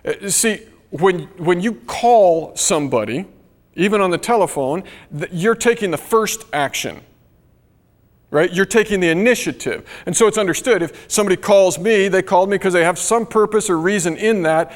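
A man preaching a sermon, earnest and emphatic, slowing down to stress key phrases. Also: high-pitched. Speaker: pastor. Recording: long hall reverb.

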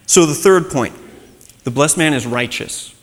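A man's voice: fairly high pitch, unhurried. A man preaching a sermon in a conversational way, acting out the voices he quotes. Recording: long reverb.

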